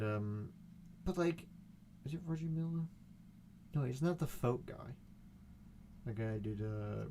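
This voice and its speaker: A man's voice: medium pitch, a little hiss or hum. A young man rambling through a profane, meandering solo monologue recorded at home. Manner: profane, meandering, animated rants.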